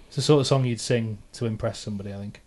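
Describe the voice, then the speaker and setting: Talking very fast in a lowish, mellow voice, a man in his thirties from England hosts his own podcast as a musician. He chats loosely about his songs, laughing often and poking fun at himself.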